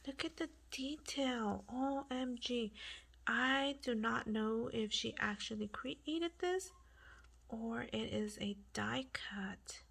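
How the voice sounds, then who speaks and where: A woman hosting a home crafting channel, speaking in a hushed half-whisper and gushing with lots of fillers. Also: a little high, takes it slowly, vocal fry, husky. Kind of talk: casual crafting vlog. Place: home at night.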